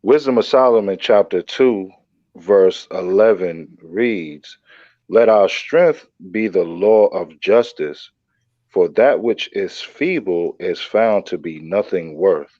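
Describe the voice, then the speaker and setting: A man reading scripture aloud slowly and deliberately. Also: deep voice, lively intonation, mellow, dry recording. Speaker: scripture reader. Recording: dull, dry sound.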